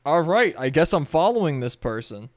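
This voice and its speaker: A man's voice: on the high side, sing-song, normal speed, no room sound. A man chiming in with blunt, sometimes profane remarks during a casual reaction stream. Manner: blunt interjections, swears.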